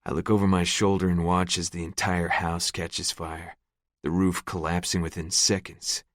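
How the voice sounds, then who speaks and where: A man's voice: low-pitched, little pitch movement, normal speed, no echo. A man narrating a gritty first-person audiobook in a close, scripted read. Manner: gritty, profane storytelling.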